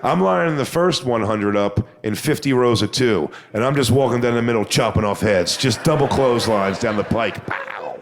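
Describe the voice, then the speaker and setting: A man doing a stand-up comedy routine, telling a crude story with punchlines that build to shouting. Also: mid-range voice.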